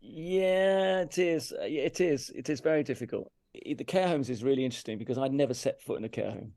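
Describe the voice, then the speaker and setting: A man's voice: mid-range voice, a little fast, mellow, dry recording. A middle-aged man from England, a brass teacher talking candidly as an interview guest, earnest and emphatic, often repeating himself and turning self-critical. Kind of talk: candid conversational storytelling. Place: farmhouse room.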